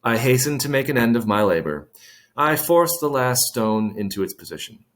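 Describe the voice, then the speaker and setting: A man's voice: medium pitch, expressive, normal speed, a bit bright. Man reading a story with plain asides. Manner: stops to explain old words plainly, dry asides. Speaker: reader. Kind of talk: reading a classic short story aloud with commentary.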